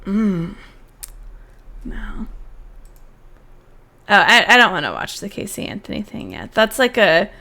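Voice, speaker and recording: A woman's voice: mid-range voice, wildly swooping pitch, a little slow, creaky, pauses often, bright, forceful tone. Swearing woman streamer. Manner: blunt, swears freely. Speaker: streamer reacting to videos. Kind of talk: casual live-stream chat.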